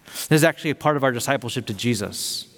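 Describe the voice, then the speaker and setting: Energetic man preaching in a ringing hall. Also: medium pitch, quick pace. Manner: energetic, conversational, uses casual slang. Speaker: pastor. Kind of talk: sermon. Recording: long reverb of a large hall.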